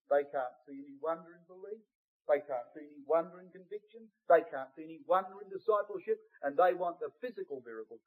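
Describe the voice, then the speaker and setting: A man preaching a Bible study sermon to his congregation, earnest and emphatic, rising to forceful peaks and dropping to hushed asides. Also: sits high, expressive, fairly quick, breathy edge. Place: church hall. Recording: tinny lo-fi phone-like line.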